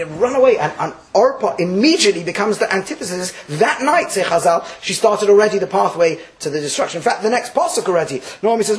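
A man with a high voice teaches a Torah class, lively and full of restarts. He acts out the people in the verses he teaches. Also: fast talker, hardly any pauses, rough recording. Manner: lively, acts out quotes, Hebrew terms mixed in, restarts.

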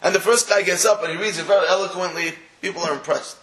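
Guy preaching, tells it like a story, does little voices, pretty high voice, echoey room. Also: steady tone, quick pace, fairly bright tone. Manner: storytelling, acts out quoted voices; mixes Hebrew and Yiddish terms. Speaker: religious speaker. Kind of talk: sermon. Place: room in England.

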